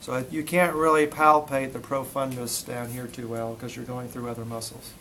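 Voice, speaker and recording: A man's voice: mid-range voice, level tone, normal speed, bright, forceful tone, a little hiss or hum, rough recording. A male instructor teaching a classroom lesson, quizzing students as he demonstrates muscle testing on a volunteer. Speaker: physical therapy instructor.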